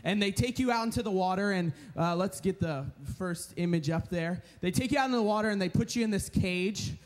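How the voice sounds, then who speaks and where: A young man giving a storytelling sermon at a retreat, animated and chatty with lots of filler words. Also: high-pitched, fairly quick. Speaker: retreat speaker.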